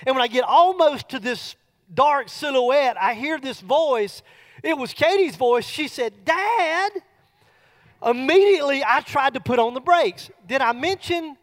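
A middle-aged man preaching a sermon, telling a folksy personal story that builds to loud bursts. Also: very high-pitched.

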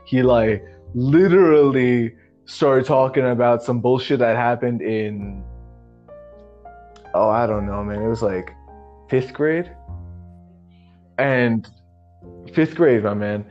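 A man's voice: mid-range voice, slow pace, long pauses. Laid-back swearing young man telling a story. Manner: profane, laid-back storytelling, full of fillers like "man" and "you know". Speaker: podcast co-host. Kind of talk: casual storytelling chat. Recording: slightly muffled lo-fi audio with faint music.

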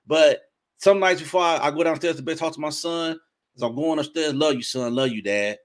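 A man's voice: fairly high pitch, brisk. Earnest man in his forties hosting. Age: 40s. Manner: earnest, preacherly, repeats himself. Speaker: interview host. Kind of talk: casual interview chat.

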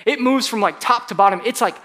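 A man with a high voice preaches a casual, conversational sermon to a live congregation. He sounds informal and talkative, leaning on "like" and teasing the room as a pastor would with his regulars. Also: quick pace, sharp tone. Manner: casual, chatty preaching with frequent "like" and audience banter. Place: church service before a live congregation.

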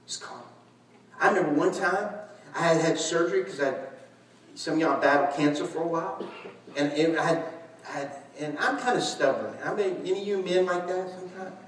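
A man preaching a sermon, telling stories animatedly, shouting and laughing as he acts out conversations. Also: fairly high pitch, fairly quick, slight background noise. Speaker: pastor. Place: large church hall. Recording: echoey church hall, distant mic.

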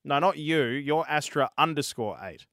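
A man's voice: on the high side, animated, normal speed, over music. A man hosting a casual podcast, giggly and rambling, with a cold. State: has a cold. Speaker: podcast host.

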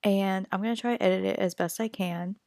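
This is casual podcast chat from a young woman co-hosting remotely at home via her computer mic, rambling and self-aware as she recovers from being ill. Her medium-pitched voice runs a little fast, with fairly even intonation, vocal fry and a slightly mellow tone. The audio is dry and of studio quality.

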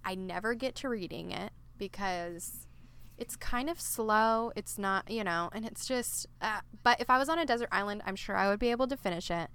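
A woman's voice: mid-range voice, normal speed, a bit bright, clean tone. A woman in casual chat, upbeat and agreeable, backing the other speaker with frequent yeahs. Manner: upbeat, agreeable, lots of "yeah" and "right".

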